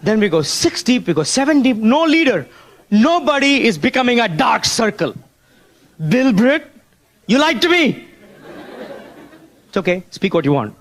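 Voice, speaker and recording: A man's voice: extremely high pitch, very animated, normal speed, long pauses, some chatter behind. A man giving a motivational seminar talk, telling stories and often asking the audience questions. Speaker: motivational speaker at a business seminar.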